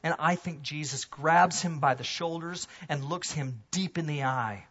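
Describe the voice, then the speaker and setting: A man preaching a sermon to his congregation, animated, swinging from loud emphasis to hushed low asides. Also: measured pace, hardly any pauses, muffled recording. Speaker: pastor. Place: church sanctuary.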